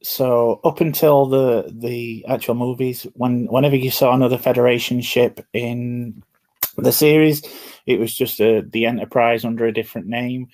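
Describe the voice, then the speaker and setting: A man's voice: mid-range voice, fairly even intonation, moderate pace, a little mellow. Easygoing man defending a pick. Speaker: podcast co-host. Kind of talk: casual podcast chat.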